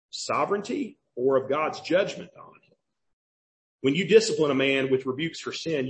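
Emphatic high-voiced Southern preacher. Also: male voice. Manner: questioning, emphatic, repeats key phrases. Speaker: pastor. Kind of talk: sermon.

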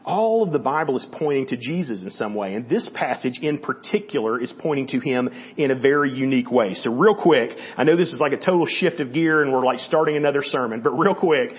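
A man preaching a sermon in a conversational way, often checking in with his listeners with quick asides. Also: medium pitch, animated, slightly rough, dull audio. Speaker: pastor.

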